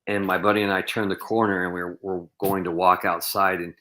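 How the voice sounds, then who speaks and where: A man's voice: low-pitched, little pitch movement, fairly quick, sharp tone. A man guest on a podcast interview, telling long anecdotes in an earnest, reflective way, with many "you know"s and "um"s. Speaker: podcast guest, professional bowler.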